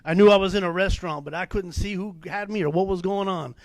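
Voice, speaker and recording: Man telling an animated personal story. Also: sits high, fast talker, no room sound. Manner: animated storytelling with many fillers and restarts. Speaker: testimony speaker. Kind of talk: personal testimony at a church men's meeting.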